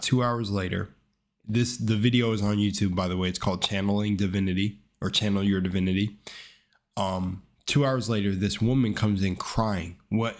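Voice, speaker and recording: Rambling young man with a low voice. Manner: rambling, excitable, swears casually, repeats words. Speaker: channel host. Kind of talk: casual storytelling to camera.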